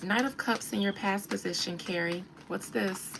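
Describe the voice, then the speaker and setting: A woman's voice: mid-range voice, moderate pace, gravelly, noisy background. A woman doing a casual livestream tarot reading, chatty and emphatic, repeating her points for viewers. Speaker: tarot reader and gossip host.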